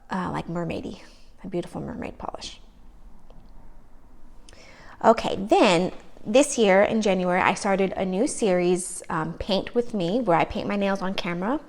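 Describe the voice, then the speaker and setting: A woman's voice: medium pitch, a little mellow. A woman casually gushing over her manicures in a show-and-tell vlog, chatty and trailing off mid-thought. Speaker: nail polish vlogger.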